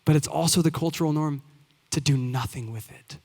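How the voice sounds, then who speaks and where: A man's voice: a little high, a little fast, darkish tone. A man in his twenties, a youth pastor preaching a sermon in earnest, building to emphatic repeated phrases. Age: 20s. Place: church sanctuary. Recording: long hall reverb.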